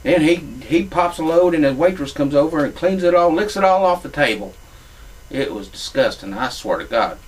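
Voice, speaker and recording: A man's voice: a little high, expressive, normal speed, breathy edge, far from the mic, rough recording. A man, telling a crude comic story in a profane, drawling redneck manner. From Louisiana.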